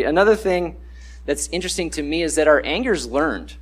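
Husky man preaching casually. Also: on the high side, lively intonation, moderate pace, a bit bright. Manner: conversational, acts out quoted voices. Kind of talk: casual sermon.

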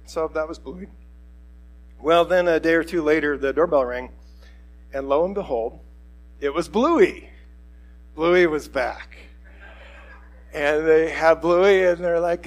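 Unhurried and conversational, this middle-aged male pastor shares a personal story in his sermon, acting out quoted voices. His voice runs a bit high for a man, and the recording is low quality.

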